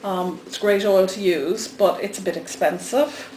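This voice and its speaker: A woman's voice: mid-range voice, unhurried, a little mellow, echoey room, a little hiss or hum, low-quality recording. A woman with a Dublin Irish accent hosting a soap-making video, chatting casually and teasing as she cuts soap. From Ireland. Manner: chatty, teasing, self-mocking. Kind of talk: casual chat while cutting soap.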